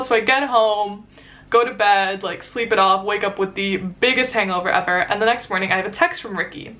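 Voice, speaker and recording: A woman's voice: a little high, fairly bright tone. A young woman vlogging, telling a dating story in a casual, chatty way with lots of fillers. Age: young adult. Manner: chatty, fast and filler-heavy, acts out quotes.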